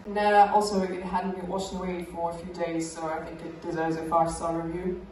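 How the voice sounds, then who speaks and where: A woman's voice: fairly low pitch, flat delivery, brisk, few pauses, a little mellow, very echoey, distant mic, slight background noise, poor audio. A young woman from Russia with a British accent, a stand-up comedian doing her set in a chatty, self-mocking way, full of small fillers.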